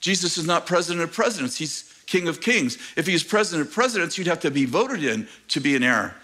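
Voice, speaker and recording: A middle-aged man preaching a sermon to his church, animated and joking with the congregation, asking rhetorical questions. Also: on the high side, brisk. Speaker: pastor. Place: church sanctuary.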